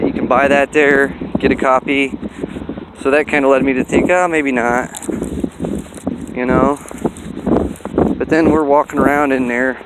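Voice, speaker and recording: A man's voice: mid-range voice, very noisy. A man vlogging outdoors by a busy road, in a rambling, folksy way with lots of fillers. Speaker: dog breeder vlogger. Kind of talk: casual walking vlog.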